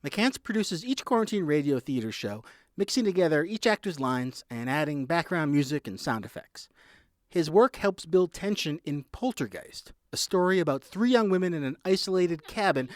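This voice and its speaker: Male news reporter, scripted feature, lively pitch, bit high, dry close mic. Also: normal speed, no echo. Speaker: radio reporter.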